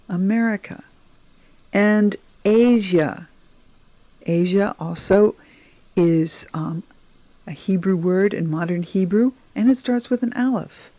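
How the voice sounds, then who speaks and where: A woman's voice: medium pitch, warm tone, dry recording. A woman teaching a beginners' lesson over slides, encouraging and speaking straight to the viewer. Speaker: Hebrew teacher. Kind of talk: slow, patient lesson narration over slides.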